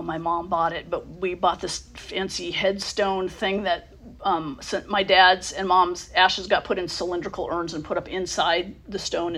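A middle-aged woman sharing her personal story at a recovery meeting, halting with many fillers and restarts, dropping to a soft near-whisper at tender moments. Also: lowish voice.

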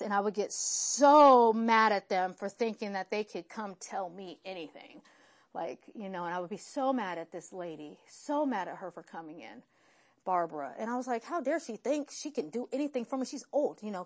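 A woman in her thirties, from West Virginia, telling her own recovery story in a frank, rambling, self-deprecating way. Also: mid-range voice. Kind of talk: candid personal testimony.

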